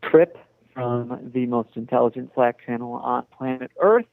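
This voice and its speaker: A man calling in to a podcast, joking and relaxed. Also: medium pitch, a little slow, gravelly, dry recording. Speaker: caller. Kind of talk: casual call-in chat. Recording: tinny phone line.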